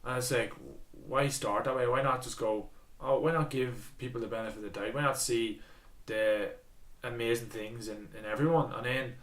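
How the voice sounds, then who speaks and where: A man's voice: medium pitch, steady tone, normal speed, few pauses, a bit bright. A man with an Irish accent, hosting a casual podcast conversation, reflective and searching for his words. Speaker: podcast host. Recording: echoey room, distant from the mic.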